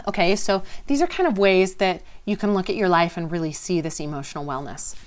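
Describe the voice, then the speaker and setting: A woman's voice: fairly low pitch, fairly quick, hardly any pauses. A woman teaching an informal lesson in a conversational way, explaining by example, checking in with the listener and often restarting her phrases. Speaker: wellness teacher.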